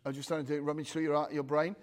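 A man's voice: a little high, little pitch movement, quick pace. A man preaching an informal sermon to a small room, chatty and digressive, with restarts and asides to his listeners. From United Kingdom. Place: room with a live audience. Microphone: speaking without a handheld mic.

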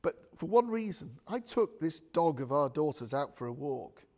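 A man's voice: a little high, very animated, moderate pace, darkish tone. A man preaching a chatty, joking sermon full of asides. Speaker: pastor.

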